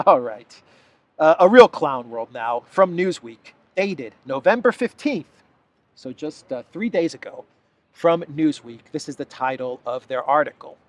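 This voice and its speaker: A man's voice: on the high side, animated, a little slow, no echo. A man hosting a solo political commentary show, reading news excerpts aloud and mocking them sarcastically, often restarting his sentences.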